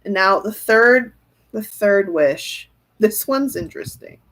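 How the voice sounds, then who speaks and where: A woman's voice: mid-range voice, expressive, takes it slowly, a bit bright. A woman giving a casual tarot reading on a livestream, thinking aloud, answering viewer comments and often breaking into giggles. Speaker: tarot reader.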